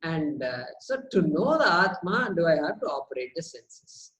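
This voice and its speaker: A man, teaching a spiritual class in a relaxed back-and-forth with students. He talks in a lively way, asks one rhetorical question after another and often repeats words as he builds his point. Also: fairly high pitch, moderate pace, rough recording. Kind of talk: question-and-answer teaching session.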